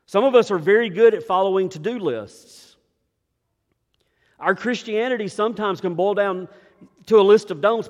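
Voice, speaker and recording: Pastor preaching in a reverberant hall. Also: male voice, high voice. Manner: preaching with emphatic rises and hushed drops. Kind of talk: sermon. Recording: long reverb of a large hall.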